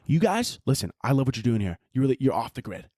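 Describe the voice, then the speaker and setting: A man's voice: mid-range voice, big pitch swings, fast talker, warm tone, dry recording, clean studio sound. A man putting on the voice of a pushy, hype-talking entrepreneur who preaches in repeated phrases. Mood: preachy. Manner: preachy motivational patter, repeating himself.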